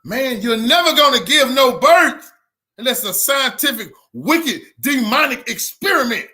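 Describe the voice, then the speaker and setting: Fiery high-voiced man preaching commentary. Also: animated, measured pace. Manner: fiery, preachy, repeats himself, shouts at times. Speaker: commentator reacting to a speech.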